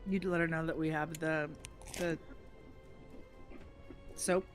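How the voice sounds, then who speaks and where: Host type, woman, unhurried and chatty, casual stream talk. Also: low-pitched, steady tone, faint music behind. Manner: slow, rambling, chatty. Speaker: livestream host. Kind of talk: casual chat while gaming over dinner.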